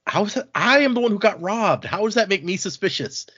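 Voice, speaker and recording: Guy reading as a jittery exasperated forty-something lord, lively voice, kinda lo-fi. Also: mid-range voice, fairly quick. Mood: flustered, exasperated. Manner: nervous, exasperated. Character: flustered 42-year-old male nobleman, former lawman.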